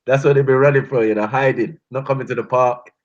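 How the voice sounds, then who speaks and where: A man chiming in quietly and agreeing during a rant. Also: medium pitch, fairly even intonation, fast, highs cut off.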